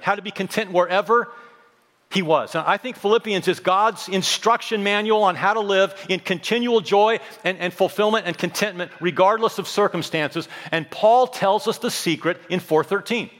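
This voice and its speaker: A man's voice: high voice, a bit bright, long reverb tail. A man in his fifties preaching a sermon, emphatic, repeating phrases and throwing in humorous asides. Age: 50s. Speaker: pastor.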